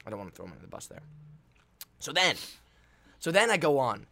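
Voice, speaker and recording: A young man hosting a podcast, telling a story in an animated, excitable way with many restarts. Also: medium pitch, brisk, gravelly. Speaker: volleyball player and podcast host. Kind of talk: casual storytelling.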